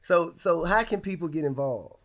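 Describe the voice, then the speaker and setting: A man's voice: on the high side, animated, moderate pace, a bit bright. Laid-back, profane male podcast host. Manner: laid-back, profane, philosophizing with rhetorical questions. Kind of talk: casual conversational interview.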